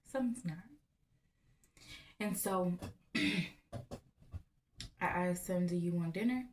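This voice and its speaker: A woman, telling a personal story in a blunt, profane, animated way. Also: lowish voice, takes it slowly, slight background noise. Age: 30s. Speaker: vlogger. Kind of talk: candid storytelling to camera.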